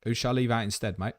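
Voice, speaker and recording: A man hosting a fast casual livestream, reading out viewer questions and answering them bluntly with jokes. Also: medium pitch, dry recording, clean studio sound. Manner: blunt, jokey, reads viewer questions aloud.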